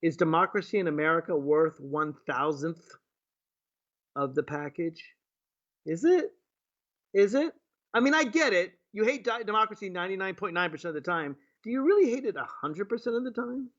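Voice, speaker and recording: The livestream host, a state delegate, ridicules the clips he plays with a steady stream of rhetorical questions. His high-pitched, fairly bright voice is expressive and fairly quick, heard through dull lo-fi audio.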